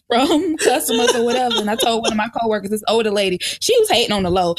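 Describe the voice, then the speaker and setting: A young adult woman co-hosting a casual podcast, loud and animated, cursing and laughing often. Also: on the high side, fast. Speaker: podcast co-host.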